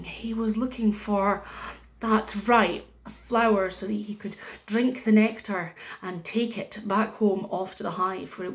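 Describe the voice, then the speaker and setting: A Scottish woman telling a story to young children, animated and sing-song, with pauses and chatty asides. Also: a little high. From Scotland.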